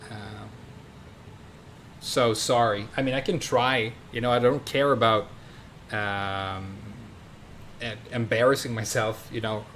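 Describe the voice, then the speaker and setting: A man's voice: mid-range voice, steady tone, slow, pauses often, fairly bright tone, slight background noise. A man in his thirties from Sweden, chatting casually in a rambling way while commenting on his own gameplay. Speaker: game streamer.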